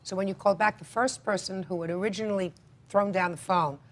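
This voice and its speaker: A woman presiding as a judge, summarizing claims and firing brisk, pointed questions at the parties. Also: mid-range voice, steady tone. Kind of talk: questioning litigants in a televised courtroom.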